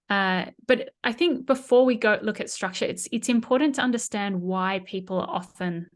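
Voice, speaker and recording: A middle-aged woman, chatting as an interview guest. She tells stories in an animated, conversational way and often restarts her sentences. Her voice sits in a middle pitch. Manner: animated storyteller, frequent restarts and laughs. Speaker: guest communication trainer.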